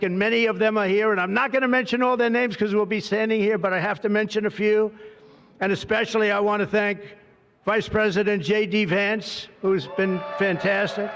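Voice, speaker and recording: A man's voice: high voice, highs cut off. An older man giving a rambling, boastful political speech full of superlatives and digressions at a signing event. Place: large hall at a signing event. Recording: reverberant hall.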